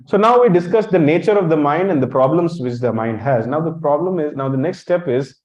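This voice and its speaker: A man's voice: mid-range voice, a little mellow. Guy giving a temple talk, blunt and teasy, keeps quizzing the crowd, kinda dull lo-fi recording. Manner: blunt, teasing, quizzes the audience. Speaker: monk lecturer. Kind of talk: temple lecture.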